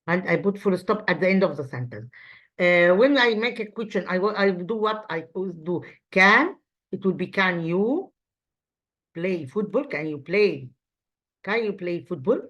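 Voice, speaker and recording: A woman English teacher whose first language is Arabic, speaking with an Egyptian accent. She goes over exercises in a halting way, repeating words and checking with "okay?". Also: lowish voice, animated, fairly bright tone, muffled recording. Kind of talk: revision lesson.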